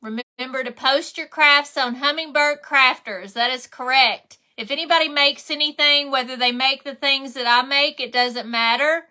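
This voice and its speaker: A woman's voice: high-pitched, steady tone, normal speed, hardly any pauses, bright, forceful tone. A woman hosting a craft livestream, chatting casually while she paints and thanking viewers by name.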